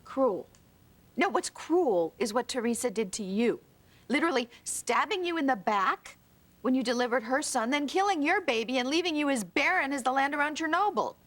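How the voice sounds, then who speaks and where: An actress playing a spiteful scheming woman who talks with sharp scorn. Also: high voice, expressive, normal speed. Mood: scornful.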